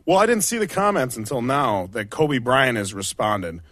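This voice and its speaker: A man's voice: mid-range voice, animated, moderate pace, a bit bright, dry recording. A man co-hosting sports radio, delivering an indignant, emphatic rant. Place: radio studio.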